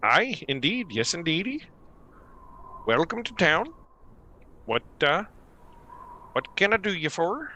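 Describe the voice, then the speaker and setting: A man's voice: on the high side, very animated, takes it slowly, pauses often, sharp tone, slight background noise, pitched above the performer's own voice, heavily acted. A man voicing a folksy small-town guard with a Minnesota accent. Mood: chatty.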